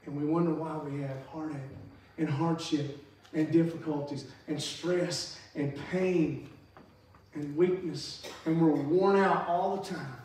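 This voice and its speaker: High-voiced man preaching in an echoey church. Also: steady tone, normal speed, a little hiss or hum. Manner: preaching with emphatic rises and soft drops. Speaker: pastor. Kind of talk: sermon. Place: church sanctuary. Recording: echoey church hall, mic far off.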